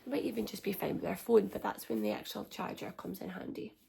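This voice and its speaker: A young woman chatting softly to camera as a parenting vlogger, giving reassuring advice, often dropping close to a whisper. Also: medium pitch, quick pace, gravelly, a little hiss or hum. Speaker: parenting vlogger, first-time mum. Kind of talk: casual advice chat to camera.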